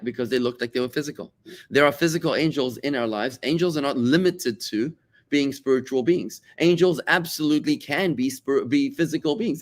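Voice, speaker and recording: A middle-aged rabbi from South Africa teaching a Torah class, animated and repeating words as he searches for them. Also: a little high. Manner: animated, repeats words while searching, acts out quoted voices.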